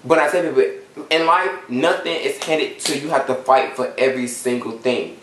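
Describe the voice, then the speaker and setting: A man in his twenties talks straight to his viewers, telling a story. He is animated and swears freely, using slang, at an ordinary middle pitch. The room gives his voice a noticeable echo. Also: moderate pace, far from the mic, a little hiss or hum. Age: 20s. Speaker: YouTuber. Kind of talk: casual storytime vlog. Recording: roomy echo.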